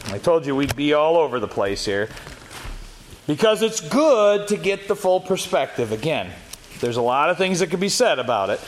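A man's voice: on the high side, very animated, normal speed, a little hiss or hum. A man teaching an adult Sunday school class, reading scripture and talking it through plainly with questions to the class. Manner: reads scripture aloud, then talks it through plainly, asking the class questions. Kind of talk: Bible lesson.

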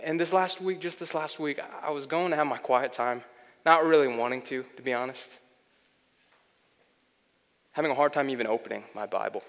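A young man preaching a sermon, earnest, swinging between loud pleading and soft, intimate delivery. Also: medium pitch, moderate pace, pauses often. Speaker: pastor. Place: church hall. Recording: long hall reverb, faint music.

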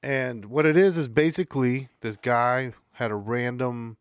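A man's voice: unhurried, smooth, dry recording, clean studio sound. Man rambling through a podcast ad read. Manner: rambling, reads statistics in a playful ad pitch. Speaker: podcast co-host. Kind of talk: casual chat with sponsor reads.

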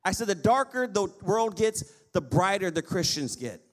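A male pastor preaching a lively sermon, often asking the congregation for an amen. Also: high voice, normal speed. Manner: lively preaching with call-and-response amens.

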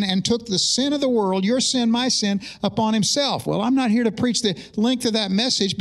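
A middle-aged man, a pastor, praying and then preaching an animated sermon with humorous asides to his congregation in a church. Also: high voice. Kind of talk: sermon with opening prayer. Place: church sanctuary during a service.

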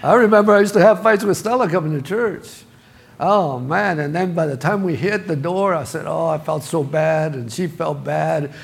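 A man's voice: fairly high pitch, moderate pace, gravelly. A middle-aged man, the senior pastor, preaching a sermon in a church, building to bursts of emphasis with touches of humor. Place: church sanctuary.

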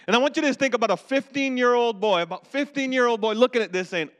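A man preaching a sermon, telling the story with lively acted voices and calls for the audience to repeat. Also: sits high, fast. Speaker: pastor.

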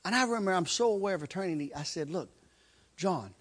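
Animated man with a lively high voice. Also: a little fast. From Kentucky. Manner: repeats phrases for emphasis, chuckles through the telling. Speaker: guest sharing his testimony. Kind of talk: animated personal testimony storytelling.

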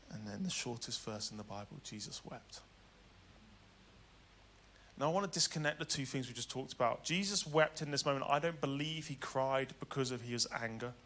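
A man preaching a sermon dramatically, swinging between loud urgency and hushed tenderness. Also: medium pitch, slight background noise.

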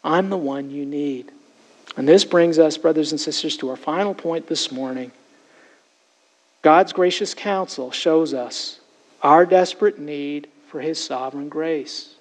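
A man's voice: fairly high pitch, a little slow, rough recording. A man preaching a sermon as pastor, earnest and emphatic, often turning to address his congregation directly.

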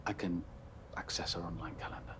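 Brief: a low-voiced, awkward husband, polite and stammering. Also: male voice, fairly even intonation, a little fast, fairly bright tone, slight background noise. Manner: hesitant, stammering and apologetic. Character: awkward, polite office worker, suspicious husband.

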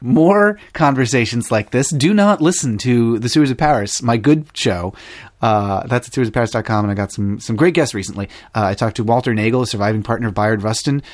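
Playful male podcast host, mid-pitched, rambling chat, dry close mic. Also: a little fast, no room sound. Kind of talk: casual chat.

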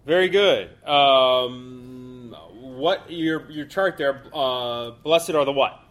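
A man's voice: medium pitch, slow pace, fairly bright tone. A man teaching a Bible study class in a loose, conversational way, full of fillers and restarts.

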